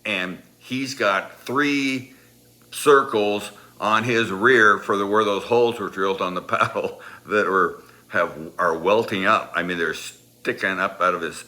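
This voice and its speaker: A man telling a funny true story from his school days in an animated way, laughing as he goes, with rambling restarts. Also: on the low side, a little slow. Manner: animated, laughs through the telling, acts out voices. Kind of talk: personal anecdote storytelling.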